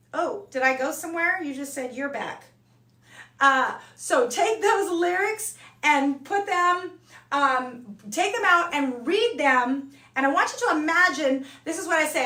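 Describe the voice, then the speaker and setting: A woman's voice: high-pitched, fairly bright tone, reverberant, recorded from a distance. A woman voice coach teaching an online singing lesson, talking casually and checking in with "okay?" and "all right?" between points.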